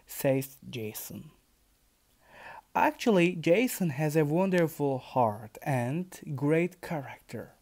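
A Turkish-accented podcast host reads his own story aloud slowly and deliberately for English learners, correcting himself now and then. His voice is fairly high in pitch, darkish in tone and very animated.

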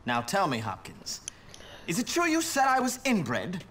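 A man's voice: high voice, huge pitch swings, a little slow, a bit bright, exaggerated voice. A man voicing a snobbish rich teen boy in a video game, talking in a haughty, affected upper-class drawl. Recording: game audio with faint noise.

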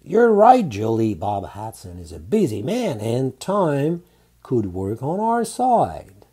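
A man voicing a charming, confident male bachelor who talks in a playful, smooth way. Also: mid-range voice, wildly swooping pitch, slow pace, warm tone, full character voice.

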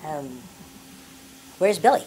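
A woman's voice: low voice, sing-song, slow, noisy background, full character voice. A woman playing an aging male elf salesman in an amateur comedy parody, hesitant at first and then pushy and wheedling.

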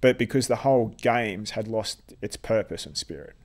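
A man from Australia, a podcast guest telling a personal story in a halting way, often repeating words. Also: on the low side.

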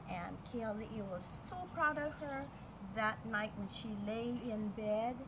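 A woman telling a story to a child, animated, acting out voices and sound effects. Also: a little high. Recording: noisy home recording.

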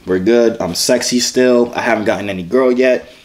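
A man's voice: medium pitch, moderate pace, darkish tone. A young man hosting a casual vlog who talks with strangers in a playful, teasing, joking way. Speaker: YouTuber and video chat app host.

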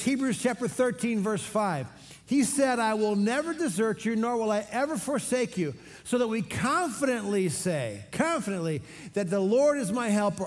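رجل يعظ بحماس في قاعة واسعة. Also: male voice, high voice. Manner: energetic call-and-response. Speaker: pastor. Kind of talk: sermon for an online church service. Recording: long hall reverb.

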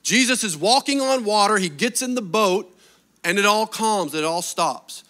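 A man delivering a sermon with a high-pitched, sharp and forceful voice. He preaches with energy and pushes his listeners with rhetorical questions. His delivery is animated. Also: moderate pace. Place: church service.

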